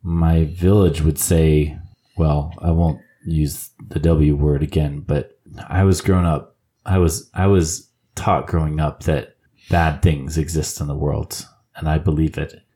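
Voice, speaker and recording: A man's voice: a bass voice, little pitch movement, measured pace, mellow. A man voicing a worried young male villager in a tabletop role-play, talking earnestly and stumbling over his words.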